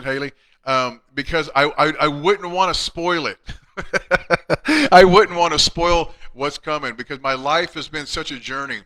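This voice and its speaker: A middle-aged man hosts a casual live question-and-answer session, talking bluntly and at length. His voice is very bright and sits fairly high. He reads out viewers' questions. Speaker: chiropractor hosting a live Q&A.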